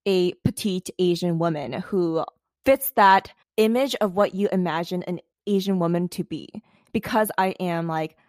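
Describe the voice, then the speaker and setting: Animated young woman chatting on a podcast. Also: lowish voice, no room sound, clean studio sound. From United States. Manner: animated, swears freely, frequent "like". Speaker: podcast co-host. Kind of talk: casual podcast chat.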